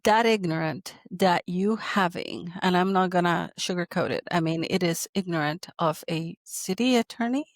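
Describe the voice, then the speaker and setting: A woman's voice: fairly low pitch, moderate pace, hardly any pauses, no echo, clean studio sound. A woman hosting a podcast interview, speaking directly and bluntly with sympathetic interjections. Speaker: podcast host. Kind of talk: interview conversation.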